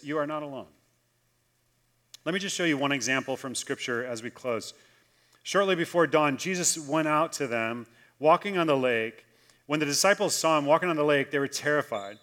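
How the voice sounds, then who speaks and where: A man preaching a sermon as pastor, telling stories and slowing down to drop softly on the key lines. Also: on the high side. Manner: storytelling, slows for emphasis and drops soft on key lines.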